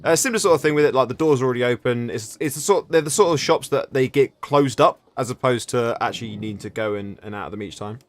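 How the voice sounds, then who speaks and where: A man's voice: medium pitch, fast, few pauses. A man narrating a tabletop game as game master, rambling with many restarts.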